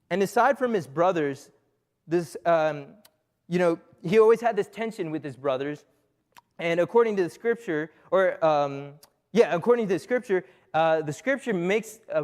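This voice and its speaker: A young man giving a conversational, joking sermon to a young crowd, asking himself questions and using many fillers. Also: sits high. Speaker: youth speaker. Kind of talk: casual sermon talk.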